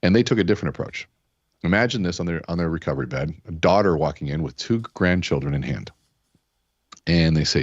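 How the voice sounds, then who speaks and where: Deep-voiced guy, guest on a podcast, storytelling with lots of you-knows, dry dull audio. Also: animated, fairly quick, no echo. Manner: storytelling, acts out quoted characters, many fillers. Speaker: keynote speaker, podcast guest. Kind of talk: conversational interview with told stories.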